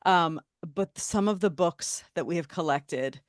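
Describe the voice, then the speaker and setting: A woman in her forties co-hosting a chat podcast, with a slightly low voice. She gushes and chats freely, and the sound is dry and close. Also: measured pace, no room sound. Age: 40s. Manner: effusive, chatty, gushing. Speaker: podcast co-host. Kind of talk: casual interview chat.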